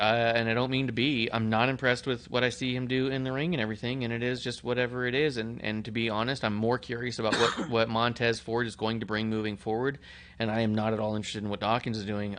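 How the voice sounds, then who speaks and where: A man co-hosting a wrestling podcast in casual chat. He swears freely, teases his co-hosts with crude jokes and gives blunt opinions. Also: mid-range voice. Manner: profane, joking, animated. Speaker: podcast co-host.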